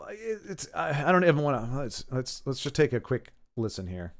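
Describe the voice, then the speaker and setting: A man's voice: mid-range voice, very animated, normal speed. A man giving casual, chatty commentary while playing a card game, thinking aloud and going off on tangents. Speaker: gaming YouTuber.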